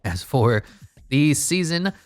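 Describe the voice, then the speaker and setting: A man's voice: a little high, big pitch swings, slow, darkish tone. A man giving casual, blunt commentary while playing a basketball management game, full of wry asides. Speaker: gaming YouTuber.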